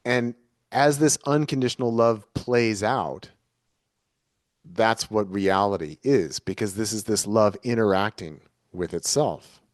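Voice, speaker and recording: Earnest man with a lowish voice. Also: measured pace, dry recording, studio quality. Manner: earnest, searching, circles back to restate ideas. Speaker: interview guest. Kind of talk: reflective conversational interview.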